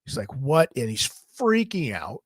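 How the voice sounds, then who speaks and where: A man hosting a podcast, telling a long story in a rambling, profane, animated way. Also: mid-range voice, unhurried, husky, no echo. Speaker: podcast host. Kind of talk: casual storytelling.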